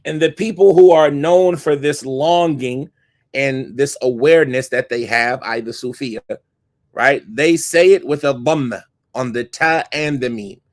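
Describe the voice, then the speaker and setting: A man teaching a mosque class on hadith scholars, reading Arabic passages quickly and explaining terms as he thinks aloud. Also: medium pitch, dry recording, clean studio sound.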